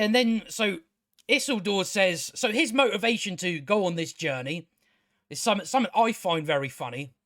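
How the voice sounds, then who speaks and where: Guy ranting about a tv show, high voice, sweary and sarcastic, dead dry sound. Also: fairly bright tone, no echo. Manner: sarcastic, exasperated, swears freely, many restarts. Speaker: TV review channel host. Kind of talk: casual spoken review.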